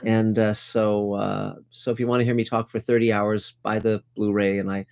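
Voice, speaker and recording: A man's voice: fairly low pitch, level tone, moderate pace, creaky, a little mellow, clean tone. Man, middle-aged, host, upbeat, chatty, fillers, video call audio. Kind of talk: casual group video call chat.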